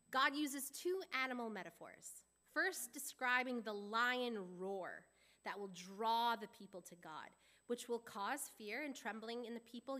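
Bright-voiced woman preaching a sermon. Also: fairly high pitch. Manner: earnest, expository, reads scripture aloud. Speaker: pastor.

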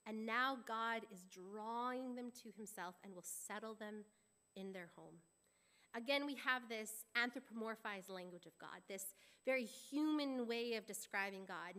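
A woman pastor preaching with a bright, forceful voice pitched a little high. She walks through scripture in an earnest, expository way, reading verses aloud as she teaches. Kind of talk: sermon.

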